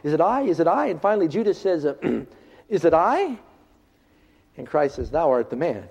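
A pastor preaching to his congregation. His voice sits a bit high, rising loud for emphasis and dropping to a hush. The recording is dull and lo-fi, with a long reverb from the hall around him. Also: normal speed, gravelly, breathy edge. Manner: animated preaching, swings from loud to hushed. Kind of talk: sermon. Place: large hall, in front of a congregation.

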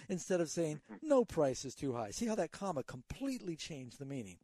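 A man hosts a Bible call-in program on the radio, answering listeners' questions like a patient teacher. His voice is mellow and warm. It is recorded dry and close in a studio. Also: fairly high pitch, very animated, normal speed, slightly rough, dry recording. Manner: earnest, teaching tone with a storytelling aside.

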